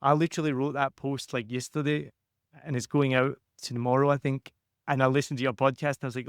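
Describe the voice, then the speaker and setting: A man hosting a podcast who coaches his guest in a lively, conversational way and acts out quotes with added pitch. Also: fast, clean tone, no echo, clean studio sound.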